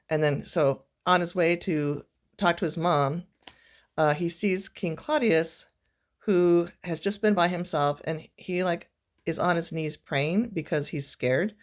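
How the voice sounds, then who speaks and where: A woman teacher giving a casual, chatty recorded lesson recap, talking informally with lots of fillers and self-corrections. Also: low voice.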